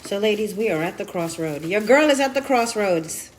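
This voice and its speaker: A woman's voice: medium pitch, animated, moderate pace, a little hiss or hum. A woman in her fifties giving a frank, profane confessional vlog. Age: 50s. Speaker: vlogger.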